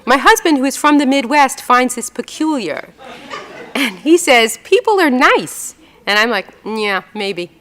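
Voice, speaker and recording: She's a New woman in her sixties, an author at a live event, telling stories about the city. Her voice sits fairly high and leaps around with animation. She jokes at her own expense and keeps slipping in quick impressions of people. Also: expressive, fairly bright tone, in a large hall. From New York. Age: 60s. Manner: chatty and self-mocking, with lots of fillers and quick voiced asides. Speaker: author giving a talk. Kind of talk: storytelling talk with slides and a reading. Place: event hall before an audience.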